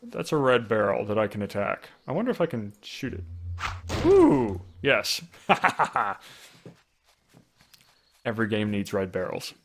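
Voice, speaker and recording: A man's voice: fairly low pitch, huge pitch swings, unhurried, pauses often. A man giving casual gameplay commentary, thinking aloud with wry asides and frequent restarts. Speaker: let's play commentator.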